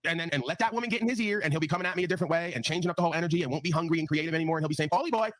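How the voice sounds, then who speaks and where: Guy ranting on his stream panel super fast, swears a lot, keeps going "right?", dry sound. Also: fairly high pitch, a bit bright, no room sound. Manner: blunt, profane, repeats tag questions. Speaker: livestream panel host. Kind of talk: casual ranting talk.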